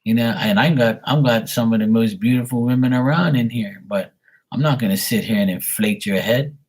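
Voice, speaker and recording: A man's voice: medium pitch, a little fast, a little mellow, slightly rough. A man chatting casually with viewers on his live tarot stream, blunt and swearing freely.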